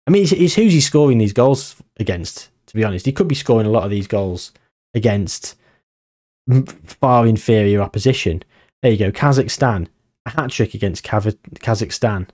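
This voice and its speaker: A young man giving casual gameplay commentary, animated and exclaiming, chatting to his viewers as "gang". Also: medium pitch. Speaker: gaming YouTuber.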